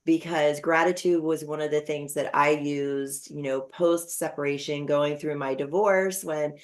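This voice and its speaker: Low-voiced woman hosting a chatty podcast. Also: steady tone, unhurried. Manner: chatty, warm storytelling with frequent fillers. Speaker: podcast host. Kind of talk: casual conversational interview.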